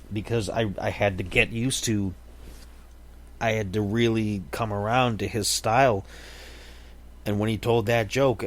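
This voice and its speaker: Podcast guy, lowish voice, rambly and thoughtful, restarts a lot. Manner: reflective, meandering with restarts. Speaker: podcast host. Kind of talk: casual storytelling monologue.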